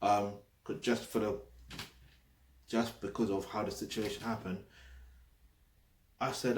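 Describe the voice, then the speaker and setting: A man's voice: lowish voice, little pitch movement, a little slow, long pauses. A man with a London accent talking straight to camera in a blunt, emphatic way, with frequent tag questions and swearing. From London, England. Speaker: vlogger. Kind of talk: casual direct-to-camera talk. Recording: roomy echo.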